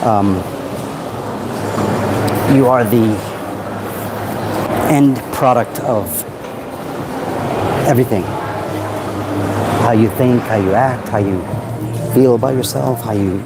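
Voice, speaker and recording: A man's voice: medium pitch, takes it slowly, pauses often, over loud music. Man rambling on a livestream. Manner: rambling, self-help musings. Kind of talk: casual livestream monologue. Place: outdoors at night by a parked car. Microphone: phone.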